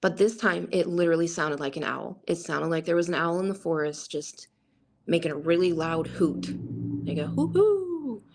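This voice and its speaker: A woman's voice: low-pitched, fairly even intonation, moderate pace. A woman guest recounting a personal encounter in a rambling way, full of "like" and quoted asides.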